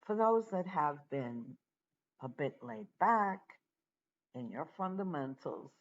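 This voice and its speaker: A teacher giving a slow, deliberate spoken lesson, pausing often between phrases. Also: mid-range voice, very animated, lo-fi sound.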